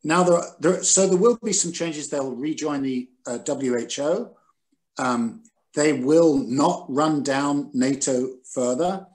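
Older man analysing world affairs calmly. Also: a little high. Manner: measured, analytical, with frequent ums and restarts. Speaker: interview guest, former newspaper editor. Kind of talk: conversational interview over video call. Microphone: video call.

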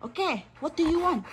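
Woman, dog owner, casual playful chat, high voice, slow unhurried delivery. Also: creaky, warm tone. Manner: playful, coaxing, laughs often.

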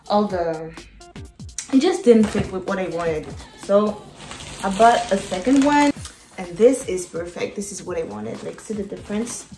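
A woman chatting casually to camera as an art vlogger, often pausing to search for the right word. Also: medium pitch, a little mellow. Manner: chatty, searches for words, many fillers. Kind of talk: casual vlog chat to camera. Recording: roomy echo with background music. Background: music playing.

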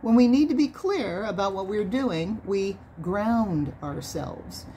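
A woman reading a nonfiction book aloud in a measured way, lifting her voice on key words. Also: medium pitch, lively intonation, warm tone, muffled recording, slight background noise. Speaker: reader of a book on sound healing.

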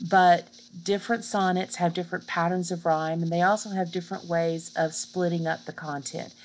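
Woman, lecturer, low-ish voice, casual explaining, keeps asking "right?". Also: level tone, normal speed, a little hiss or hum, poor audio. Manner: explanatory, checks in with frequent "right?"; casual teaching with fillers. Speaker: literature lecturer. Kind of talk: recorded online lecture over slides.

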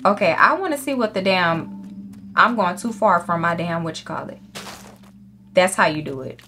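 A woman's voice: on the low side, lively intonation, moderate pace, sharp tone. A woman hosting a gaming channel, giving casual let's-play commentary in a chatty, profane way and talking straight to her viewers. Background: faint game music.

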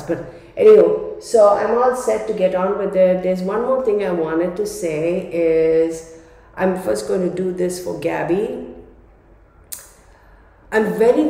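Stuffy with a cold, this woman talks to her camera as a tarot and psychic vlogger, chatty, laughing between lines and using "y'all" constantly. Her voice is fairly low and dark, recorded in an echoey, long-reverb room.

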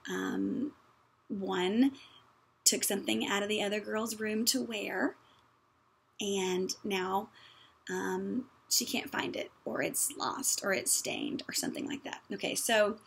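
A woman's voice: medium pitch, creaky, fairly bright tone, breathy edge. A woman giving a practical church-style talk in a conversational, folksy way, with many fillers. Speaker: speaker teaching on apologies.

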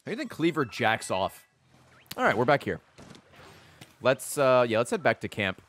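A male streamer in excitable, profane gaming commentary who laughs often. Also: mid-range voice, normal speed.

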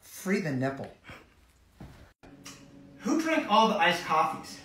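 A man's voice: high-pitched, wildly swooping pitch, slow pace, a bit bright, heavily acted. A dad doing a trendy teen girl's drawl. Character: trendy teen daughter, young woman. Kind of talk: comedic impression. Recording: echoey room, far from mic.

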